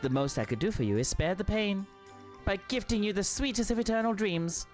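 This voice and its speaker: A woman's voice: medium pitch, expressive, brisk, a little mellow, faint music behind, voice pushed up, natural voice. A woman voicing an ancient, playful female fairy queen, reading game lines in a flowery, archaic way. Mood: wistful. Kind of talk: reading game dialogue aloud.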